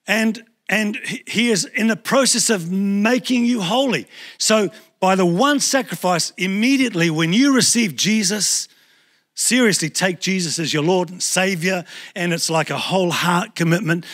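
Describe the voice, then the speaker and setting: A male pastor with a New Zealand accent preaching a sermon in a conversational, animated way, acting out little asides. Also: high voice.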